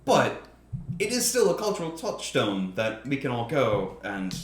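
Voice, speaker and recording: A man's voice: mid-range voice, huge pitch swings, measured pace. A man hosting a casual podcast chat, rambling and swearing, with lots of restarts. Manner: rambling, profane, with many restarts. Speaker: podcast host. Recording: echoey room.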